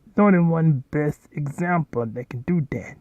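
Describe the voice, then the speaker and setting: A man's voice: on the high side, normal speed, warm tone, no echo. A man hosting, rambling and commenting casually over a video he is playing, often repeating himself. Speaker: host. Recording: dull, lo-fi home recording.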